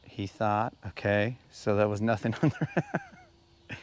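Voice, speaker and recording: A fishing streamer broadcasts live from a boat on a lake, chatting with viewers and calling them "bro" often as he fishes. His voice sits on the low side with wildly swooping pitch, he takes things slowly, and there's slight background noise. The mood is laid-back and chatty.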